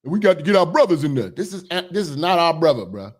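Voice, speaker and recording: Man, angry rant, profane commentary, pitch swinging up and down, slightly high voice. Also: very animated, quick pace. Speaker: commentary host. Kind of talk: ranting commentary.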